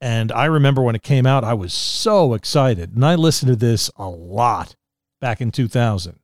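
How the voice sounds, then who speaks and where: A man's voice: medium pitch, lively intonation, moderate pace, dry recording, clean studio sound. A man hosting a podcast, chatting casually and enthusiastically over a video call. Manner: enthusiastic, reads out quotes. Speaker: podcast host.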